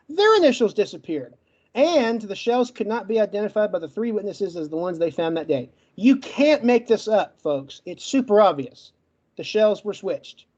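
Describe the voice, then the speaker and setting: A man with a stutter giving a brisk, emphatic closing argument as a guest in an online debate, listing facts one after another. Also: high-pitched, a little mellow, lo-fi sound. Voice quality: stutters, gets stuck on words.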